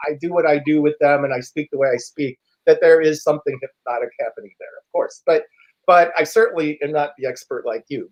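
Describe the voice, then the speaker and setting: A man, a life coach and guest in a casual lunch conversation, explaining his ideas in a measured, reflective, teacherly way. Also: high-pitched, rough recording. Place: at a lunch table.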